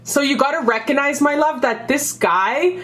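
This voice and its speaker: A young woman with a fairly high voice runs through a casual tarot reading, chatty and emphatic. She swears freely and circles back over her own phrases as she talks. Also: moderate pace, a bit bright. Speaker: tarot reader.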